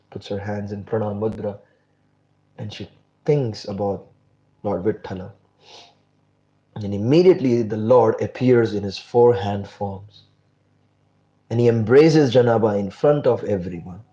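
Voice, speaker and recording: A man giving a religious class, telling a devotional story in an animated way and sprinkling his talk with fillers. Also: fairly low pitch, a little slow, long pauses, muffled recording. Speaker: spiritual class speaker.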